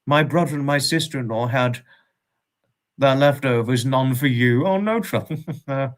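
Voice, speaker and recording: A man hosting a livestream in casual chat, warmly greeting viewers and reading out their comments with frequent chuckles. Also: mid-range voice, normal speed. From United Kingdom. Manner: affectionate, greets viewers as darling, chuckles often. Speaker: livestream host.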